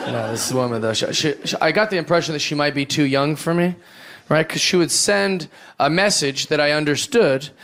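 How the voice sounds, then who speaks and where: A man performing stand-up into a handheld stage mic, his voice pitched a touch high and swooping all over. He is profane and acts out the other people in his stories. A crowd laughs loudly around him. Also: noisy background. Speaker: stand-up comedian. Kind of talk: stand-up comedy set. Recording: audience laughter throughout.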